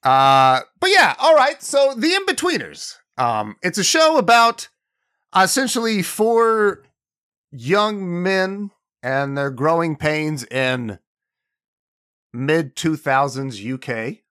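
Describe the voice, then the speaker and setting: A man's voice: high-pitched, sing-song, slow, sharp tone. A man hosting a casual podcast, joking playfully with his friends. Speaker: podcast host.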